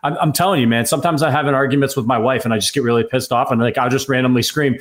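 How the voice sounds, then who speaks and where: A man of middle pitch rambles through a sports story, full of likes and restarts. He laughs easily in a relaxed chat. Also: quick pace.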